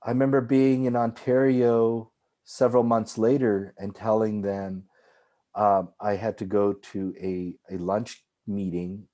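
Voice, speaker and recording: Low, mellow-voiced man telling a story. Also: measured pace. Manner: animated, frequent "like", restarts. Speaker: filmmaker guest. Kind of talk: personal storytelling in conversation.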